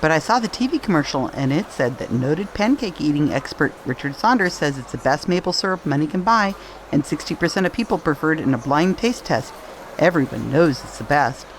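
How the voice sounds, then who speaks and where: A gullible shopper who swallows every ad claim, acted out in a comedy skit by a woman. Her mid-range voice is lively, with a faint hiss behind it. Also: low voice, fairly quick, low-quality recording. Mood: eager. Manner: naive, eager skit acting.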